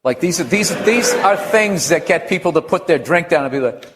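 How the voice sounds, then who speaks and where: A male stand-up comedian answering an interview question with an animated story. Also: fairly high pitch, moderate pace. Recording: reverberant room, faint noise.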